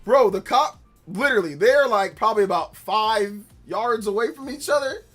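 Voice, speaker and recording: A man chats casually on his gaming livestream, spinning animated stories and breaking into laughter often. His pitch jumps around a lot as he acts out quotes at full volume, while faint music plays behind him. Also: normal speed.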